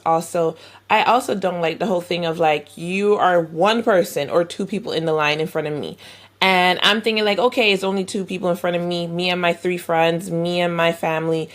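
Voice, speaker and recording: A woman's voice: mid-range voice, a bit bright. A young woman co-hosting a podcast, venting in a casual, exasperated way and drawing out words for emphasis. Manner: ranting, exasperated, drawn-out emphasis. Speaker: podcast co-host. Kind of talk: casual chat.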